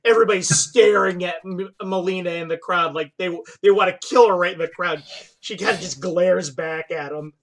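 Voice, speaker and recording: A man's voice: sits high, a bit bright. A man narrating as game master of a tabletop game, restarting his sentences often. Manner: halting narration with many restarts, laughs often. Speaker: dungeon master.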